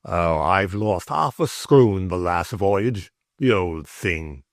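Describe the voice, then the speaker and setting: A man voicing a weary old sailor in an audiobook, grumbling slowly. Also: low-pitched, animated, dry recording, clean studio sound, heavily acted.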